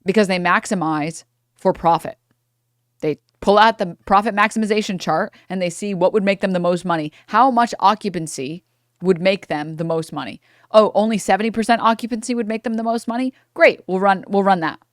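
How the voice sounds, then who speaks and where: A woman's voice: medium pitch, a little fast, no room sound, clean studio sound. A woman streamer giving live reaction commentary in a heated, profane rant.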